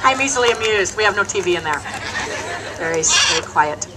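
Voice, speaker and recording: A woman's voice: mid-range voice, animated, fairly quick. A woman hosting a live animal stage show, cracking self-mocking jokes to the audience. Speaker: bird show host and trainer. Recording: loud noisy live show recording.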